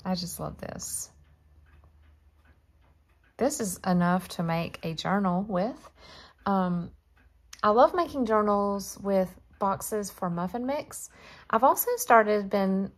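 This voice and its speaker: A woman chatting casually to her viewers as she shows off fabric she received, gushing and talking straight to the camera. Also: medium pitch. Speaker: crafting vlogger. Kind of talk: casual show-and-tell chat.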